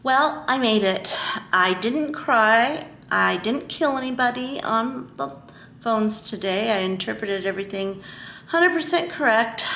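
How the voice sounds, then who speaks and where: Woman vlogger, unhurried and hesitant delivery, echoey room with faint hiss. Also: a little high, animated, fairly bright tone. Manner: halting, with many fillers and restarts. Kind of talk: casual vlog talk to camera.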